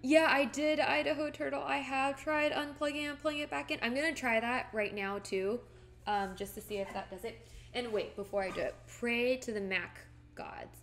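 A woman's voice: high-pitched, steady tone, normal speed, fairly bright tone, faint music behind. A woman live streaming while she paints, chatting casually with viewers in a playfully melodramatic, mock-tearful way.

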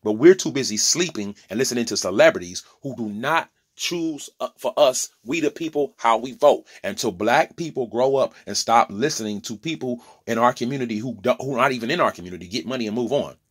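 A man's voice: mid-range voice, animated, a little fast, few pauses, husky. A man in his forties giving a heated opinion monologue, repeating and restarting words as he presses his points. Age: 40s. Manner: impassioned, stumbling restarts, preachy asides. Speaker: opinion vlogger.

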